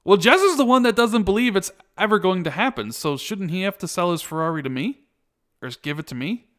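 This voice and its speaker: A man hosting a laid-back podcast, reading out viewer comments and answering them in an easygoing way. His voice is slightly high and very bright, with a crisp, forward edge. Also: animated, fairly quick. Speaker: podcast host reading live chat. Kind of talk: casual podcast chat.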